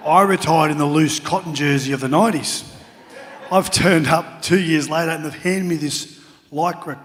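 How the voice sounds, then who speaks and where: A man's voice: fairly high pitch, in a large hall. A middle-aged Australian man telling funny stories as a guest speaker at an awards night. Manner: jokey anecdotes with acted-out shouts. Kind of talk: after-dinner storytelling.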